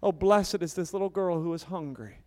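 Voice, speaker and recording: A male pastor in his thirties preaching a sermon with dramatic swings between loud declarations and hushed storytelling. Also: high-pitched, a little fast, in a large hall.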